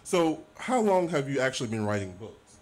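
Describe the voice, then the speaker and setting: A man's voice: mid-range voice, big pitch swings, normal speed, a little hiss or hum. A man hosting a radio talk show, introducing and interviewing a guest in an easygoing, affirming way. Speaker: host.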